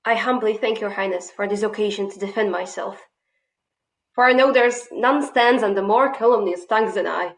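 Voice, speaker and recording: A woman's voice: medium pitch, steady tone, brisk, hardly any pauses, close to an everyday voice. A woman playing a humble archbishop. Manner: humble, deferential. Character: humble archbishop facing charges. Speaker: stage actor. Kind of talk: Shakespearean stage acting.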